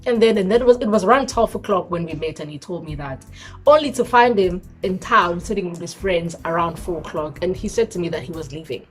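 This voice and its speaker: Expressive South African woman telling a story. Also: fairly low pitch, a little fast, soft background music. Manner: expressive storytelling that mixes in isiZulu words. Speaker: vlogger. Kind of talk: storytime vlog.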